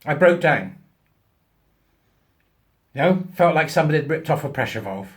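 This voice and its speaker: A man's voice: fairly high pitch, animated, normal speed. A man talking casually to camera, chatty and emphatic, a bit unwell and getting emotional. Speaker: vlog host. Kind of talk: casual solo commentary.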